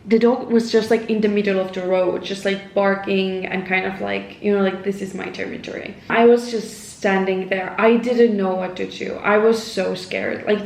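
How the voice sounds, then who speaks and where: An Estonian lifestyle vlogger chats casually to camera at home, with her cat nearby and a roomy echo in the room. Her middle-pitched voice is creaky and often drops to a soft hush. She rambles loosely, full of "like," filler, and false starts.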